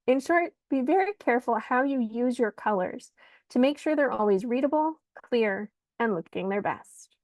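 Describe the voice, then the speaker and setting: Clear, instructive woman, higher voice. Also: expressive, moderate pace, darkish tone, no echo. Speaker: pitch coach. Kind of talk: online presentation lesson. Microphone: video call.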